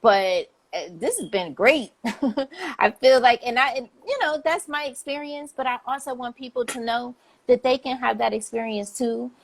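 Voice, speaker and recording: A woman's voice: a little high, lively intonation, moderate pace, creaky. A woman hosting a casual live-stream chat, upbeat and laughing often. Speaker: host, publicist. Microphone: phone or video call.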